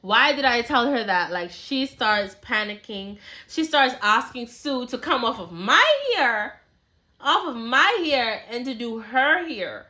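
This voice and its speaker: A woman's voice: on the high side, lively intonation, unhurried, sharp tone. A woman telling a story in a casual, chatty way, full of slang and "like" fillers.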